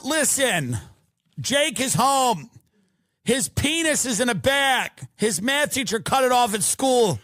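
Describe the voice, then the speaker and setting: A man doing a frantic shrill suburban mom. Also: no echo, studio quality, exaggerated voice. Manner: shrill, panicked, shouting. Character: frantic suburban mother phoning her husband.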